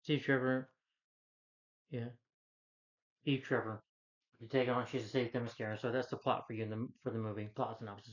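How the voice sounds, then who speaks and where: A man's voice: mid-range voice, fairly even intonation, fairly quick, pauses often. A man giving a casual spoken film review, rambling and repeating himself as he recaps the plot with frequent restarts. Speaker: movie reviewer. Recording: slightly dull, lo-fi recording.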